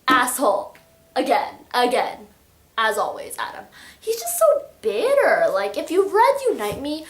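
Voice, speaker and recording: A woman's voice: fairly high pitch, a bit bright. Gushing young woman in an echoey room. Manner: gushing, giggly, acts out quotes in voices. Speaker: book vlogger. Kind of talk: casual book review chat.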